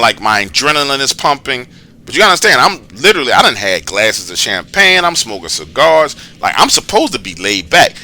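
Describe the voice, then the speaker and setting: Animated, very bright-voiced male storyteller. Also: a little high. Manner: animated, profane, slangy, re-enacts scenes loudly. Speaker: channel host telling personal stories. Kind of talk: casual storytelling monologue.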